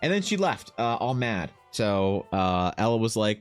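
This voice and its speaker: At his home streaming setup, a man live-streams as a fantasy artist, chatting casually with viewers in rambling, profane, jokey stories full of restarts. His lowish voice sounds animated and brisk over soft background music.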